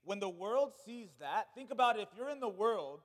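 A high-voiced man preaching from the pulpit, his voice ringing out and then dropping to near murmurs. The sound carries a long reverb, as in a big church sanctuary. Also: expressive, normal speed. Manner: swings from loud preaching to hushed asides. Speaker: pastor. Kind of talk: sermon.

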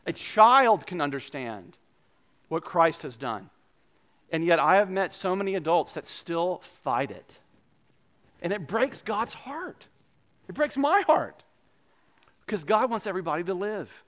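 Animated male pastor preaching. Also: sits high, measured pace, pauses often. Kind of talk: sermon.

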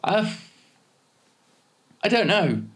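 A man's voice: sits high, very animated, very slow, fairly bright tone, echoey room. A man co-hosting a podcast in casual chat, rambling and cutting himself off often. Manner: rambling, self-interrupting, laughs often. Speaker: podcast co-host.

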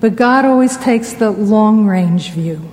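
A woman's voice: medium pitch, takes it slowly. A woman giving a Christian sermon-style talk, telling personal anecdotes. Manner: warm, anecdotal storytelling. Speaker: Christian speaker. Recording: long hall reverb.

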